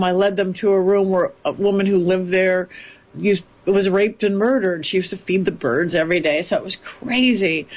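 A woman psychic medium telling a story in an interview, animated and rambling, often restarting her sentences. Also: mid-range voice, dull audio.

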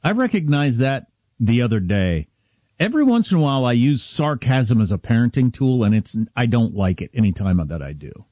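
A middle-aged male radio co-host with a slightly husky voice that swings lively up and down as he chats. The sound is dry and a bit dull, like a close studio mic. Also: medium pitch, a little fast, dry recording. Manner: chatty, animated, self-deprecating. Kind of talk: casual talk show chat.

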